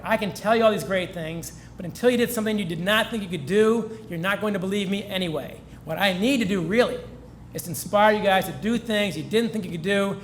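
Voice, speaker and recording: A man with a high voice speaks to a crowd at a celebration and tells heartfelt stories in an earnest way. He sounds moved and chokes up now and then. A faint hum of the room sits under his words. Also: a bit bright. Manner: earnest storytelling, gets choked up. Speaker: featured speaker. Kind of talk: speech at a celebration. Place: event hall.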